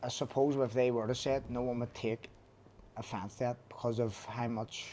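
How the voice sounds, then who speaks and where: A man's voice: medium pitch, fairly even intonation, normal speed, mellow, a little hiss or hum. A man with a Northern Irish accent hosting a podcast, telling stories in casual, sweary chat. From Northern Ireland. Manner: sweary, storytelling. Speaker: podcast host.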